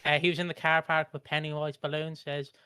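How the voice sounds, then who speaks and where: British guy reading out chat messages, bright smooth voice, dry close mic. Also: on the high side, little pitch movement, fairly quick, dry recording. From Britain. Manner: reads comments aloud with stumbles. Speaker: co-host reading out viewer comments. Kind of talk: live stream, reading chat.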